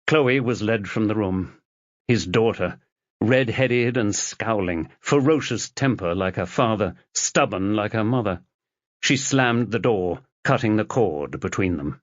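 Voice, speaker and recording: A man narrating a mystery audiobook in a dramatic, expressive reading. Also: on the low side, a little slow, dry recording, muffled recording. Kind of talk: scripted narration.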